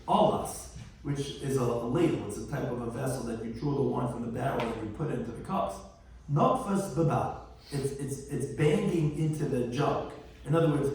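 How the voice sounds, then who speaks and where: A man's voice: mid-range voice, a little mellow, a little hiss or hum. A male rabbi teaching a Talmud class, chanting Aramaic phrases and explaining each in plain words with small jokes. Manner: explains Aramaic phrases line by line, chanting the original then translating, with quips. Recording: very echoey room, distant mic.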